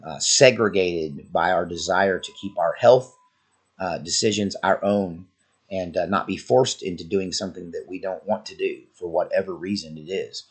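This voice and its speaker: A man's voice: low-pitched, normal speed, slightly rough. A man with a sore throat giving an earnest, warning commentary monologue as a channel host. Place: Oklahoma, US.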